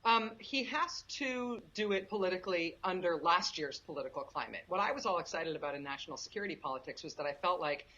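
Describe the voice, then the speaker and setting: Woman political guest, lower voice, sharp and chatty, muffled lo-fi line with faint hiss. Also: expressive. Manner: quick, articulate, laughs easily. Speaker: guest commentator. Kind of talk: conversational political commentary.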